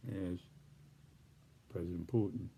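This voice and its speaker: A man's voice: sits low, fairly even intonation, takes it slowly, warm tone, a little hiss or hum. A man presenting his political cartoons in casual, rambling commentary with many restarts and hedges.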